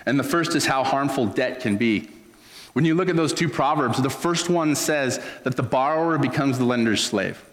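A man's voice: mid-range voice, moderate pace, in a large hall. A man preaching a sermon as a pastor, in an earnest, conversational storytelling manner.

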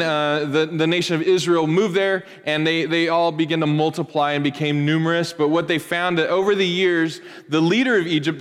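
Brief: lively man pastor, slightly high voice, long church reverb. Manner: lively storytelling with pop-culture asides. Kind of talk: sermon. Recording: long reverb of a large hall.

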